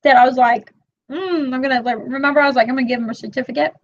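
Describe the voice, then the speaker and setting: A woman in her thirties chatting casually to her live-stream viewers, animated and quick to act out her own side of a story. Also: high-pitched, dry recording, muffled recording. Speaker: vlog host reading live chat.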